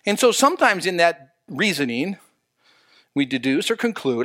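A man, a pastor, preaching a sermon in a conversational way, asking his listeners questions and slowing down to stress key words. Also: a little high, big pitch swings, fairly bright tone, no room sound, studio quality. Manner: conversational preaching, rhetorical questions, slows for emphasis.

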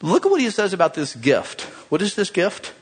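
A man preaching a sermon as pastor, animated and conversational, joking with his congregation. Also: sits high, normal speed, husky.

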